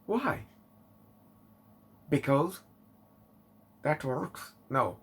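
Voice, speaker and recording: A man reviewing a movie in English, often asking exasperated rhetorical questions and filling pauses with fillers. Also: medium pitch. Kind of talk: casual spoken movie review.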